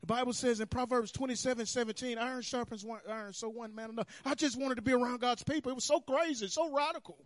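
A man preaching a sermon, telling his own story with animated swings between hushed and loud. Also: extremely high pitch, fast, few pauses, no echo, studio quality. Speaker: pastor. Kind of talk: sermon testimony. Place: church sanctuary.

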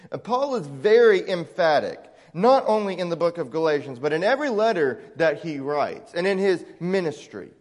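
Man, Southern American accent, pastor preaching, high voice, slow deliberate delivery, long church reverb. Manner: emphatic preaching, voicing imagined objectors. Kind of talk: sermon. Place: church sanctuary.

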